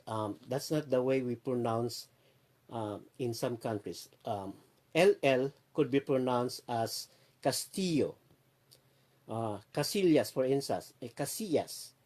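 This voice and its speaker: A man's voice: mid-range voice, warm tone. A man with a Filipino accent, rambling in a casual livestream chat and greeting viewers by name. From Philippines. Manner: rambling, switches between Tagalog and English, greets viewers by name. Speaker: livestream host.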